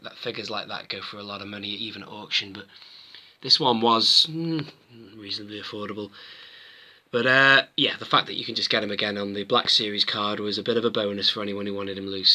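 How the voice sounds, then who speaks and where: A man's voice: lowish voice, pushed and bright. A man hosting his own toy collecting channel, reviewing figures in a rambling, chatty way that often interrupts itself. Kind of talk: casual review chat to camera.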